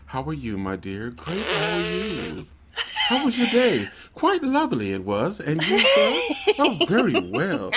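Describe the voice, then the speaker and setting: A man's voice: a little high, huge pitch swings, unhurried, fairly bright tone, slight background noise, pitched above the performer's own voice, exaggerated voice. A man acting out genteel TV English gentry. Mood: mock genteel. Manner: overdone, sing-song, mocking. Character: refined English characters from a period drama.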